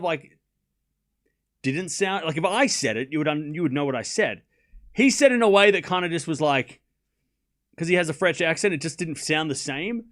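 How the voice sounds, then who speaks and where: Here a young man runs a live tennis watchalong, commenting on points and bantering with viewers as he answers their questions in the gaps. His voice sits high and sounds a bit bright.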